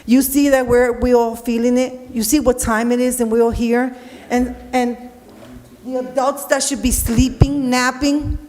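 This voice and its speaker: A woman speaking during public comment at a city council meeting, blunt, emotional and profane. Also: sits high. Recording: long reverb of a council hall.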